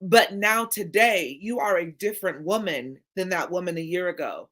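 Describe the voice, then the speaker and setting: A woman's voice: fairly low pitch, moderate pace, a bit bright. A woman health coach speaking in a heartfelt, preacherly way, building her points through repetition. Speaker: health coach and team leader. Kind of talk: heartfelt casual conversation.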